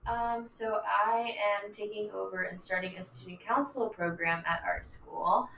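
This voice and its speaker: A woman's voice: lowish voice, vocal fry, bright, forceful tone. A woman, a teacher, co-hosting a casual podcast chat and guiding the conversation. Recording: echoey, distant mic with faint background noise.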